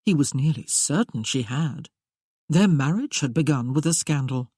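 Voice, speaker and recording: A woman narrating a romance novel in a measured, steady manner. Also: deep voice, breathy edge, dry recording, studio quality. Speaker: audiobook narrator.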